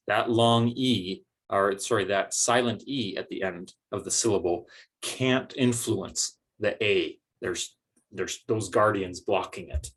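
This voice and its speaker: A man's voice: lowish voice, breathy edge. A man teaching a recorded phonics lesson, explaining patiently step by step with some fillers.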